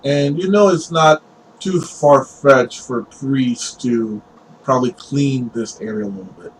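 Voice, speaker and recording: A man's voice: medium pitch, measured pace, a little hiss or hum, rough recording. A man narrating as game master of a tabletop game, rambling with frequent fillers.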